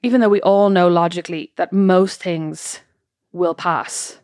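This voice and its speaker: A woman's voice: on the low side, steady tone, darkish tone, no echo, studio quality. A woman co-hosting a podcast in casual chat, chatty and full of fillers. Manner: chatty, quick, lots of fillers. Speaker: podcast co-host.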